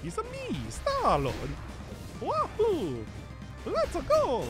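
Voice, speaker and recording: A man's voice: very high-pitched, wildly swooping pitch, very slow, over loud music, pitched above the performer's own voice, heavily acted. A man putting on a cheery cartoon Italian plumber with an exaggerated fake Italian accent and whoops. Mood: gleeful.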